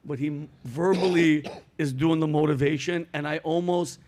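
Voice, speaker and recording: High-voiced animated comedy host, man. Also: moderate pace. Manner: animated storytelling, acts out voices. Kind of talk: casual comedic chat.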